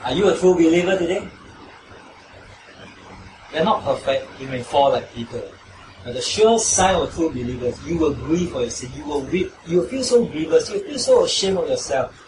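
A man's voice: on the high side, expressive, a little fast. A man preaching a sermon and leading a closing prayer, emphatic and repetitive, often checking with listeners. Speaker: pastor. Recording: echoey room, mic at a distance, noisy.

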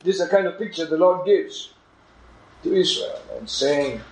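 A man's voice: on the high side, animated, normal speed, echoey room, poor audio. A man preaching a sermon in an earnest, emphatic manner, illustrating his points with a story.

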